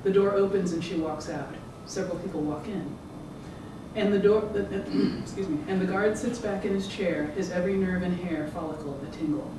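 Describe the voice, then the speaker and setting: Author reading fiction, measured rhythmic delivery, distant mic, audible room noise. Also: mid-range voice, heavy reverb. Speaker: author reading own work. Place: event room.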